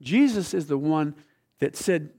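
Male preacher, high voice, fervent and conversational, drops to a hush then builds up loud. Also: lively intonation, a little slow. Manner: passionate, swings between hushed and loud; conversational, asks the audience questions. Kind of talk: sermon.

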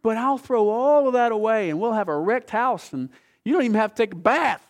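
With a high-pitched, expressive voice, a man delivers a sermon as pastor. He moves from forceful, loud passages to quiet, slow, intimate scripture reading.

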